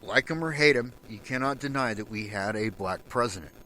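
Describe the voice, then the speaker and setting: A man hosting a solo show, delivering an angry, profane rant and raising his voice to a shout at times. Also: medium pitch, a little fast, slight background noise, poor audio. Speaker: podcast host.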